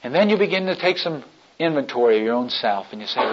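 A male preacher telling a story in a sermon, swinging between hushed and loud delivery. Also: medium pitch, expressive, quick pace. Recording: dull lo-fi recording.

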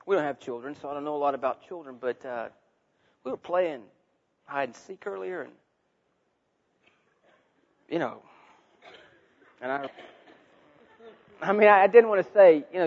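A man's voice: a little high, normal speed, pauses often, highs cut off. A man preaching a sermon, telling a story and acting out the voices in it. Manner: animated, acts out voices in his story.

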